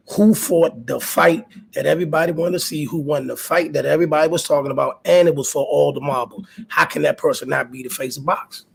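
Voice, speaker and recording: Guy with aave doing a live boxing talk stream, kinda raspy, keeps repeating himself and talking to chat. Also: fairly high pitch. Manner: animated, repeats himself, talks to chat viewers. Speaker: host of a boxing talk livestream.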